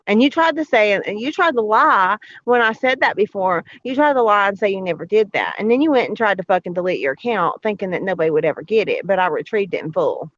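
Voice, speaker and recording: A woman ranting bluntly and profanely on a livestream, combative and defiant. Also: mid-range voice. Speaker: livestream host. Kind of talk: angry livestream rant. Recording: dull lo-fi livestream audio.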